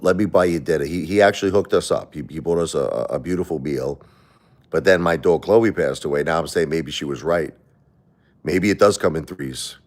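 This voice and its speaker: Hosting a livestream in a low voice, a middle-aged man talks to his viewers in an emotional, defensive way. His speech rambles, with repeated words and frequent restarts.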